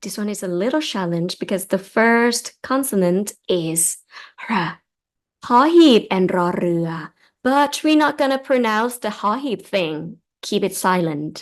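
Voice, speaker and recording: A young woman with a Thai accent, a native Thai speaker, patiently teaching beginners to read Thai. She explains step by step and repeats each word slowly for learners to follow. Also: medium pitch, animated. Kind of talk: step-by-step reading lesson.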